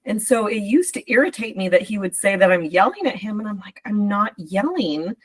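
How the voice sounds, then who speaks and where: A woman's voice: medium pitch, expressive, fairly quick, dry recording, rough recording. A woman hosting a podcast who speaks in a reflective way, thinking aloud in casual conversation. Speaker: podcast host and coach.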